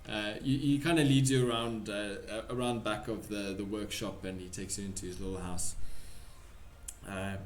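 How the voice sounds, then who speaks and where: A man narrating a tabletop game as game master, halting with many fillers. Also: lowish voice, echoey room.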